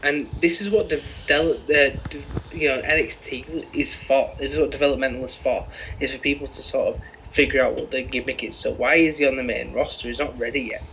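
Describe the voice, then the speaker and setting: A man's voice: medium pitch, steady tone, a little fast, gravelly, a bit bright, lo-fi sound, slight background noise. A British man talking animatedly on a podcast, swearing freely and restarting his sentences often. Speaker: podcast co-host. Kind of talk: casual chat.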